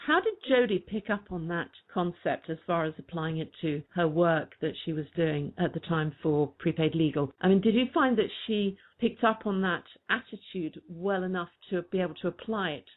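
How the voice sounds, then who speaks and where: A woman's voice: lowish voice, normal speed, hardly any pauses. A woman interviewer asking direct, probing questions. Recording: tinny phone-like audio.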